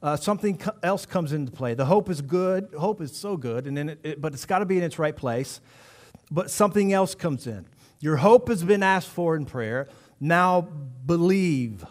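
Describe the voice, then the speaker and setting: A man preaching a sermon as pastor, animated and storytelling, acting out the people in his examples. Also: a little high, moderate pace. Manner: animated storytelling with acted-out voices.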